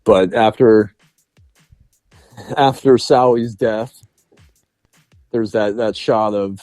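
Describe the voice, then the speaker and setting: Laid-back low-voiced man reviewing a film. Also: fairly even intonation, takes it slowly, dark tone, no room sound, soft background music. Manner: loose and chatty, acts out movie lines with laughs. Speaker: podcast co-host. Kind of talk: casual film review chat.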